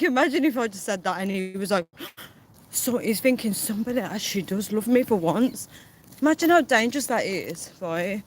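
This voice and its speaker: A woman chats on a live stream while she walks, her speech short of breath and often broken by pauses to catch air. She talks casually to her viewers and reads out their comments, over a faint hiss of background noise. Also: mid-range voice, rough recording. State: out of breath from walking.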